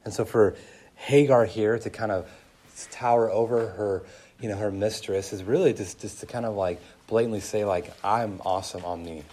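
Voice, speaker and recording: A young man preaching a sermon to a room, telling stories in an animated way with many asides. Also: on the low side, normal speed. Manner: animated storytelling, laughing, lots of "like". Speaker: pastor. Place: room with an audience.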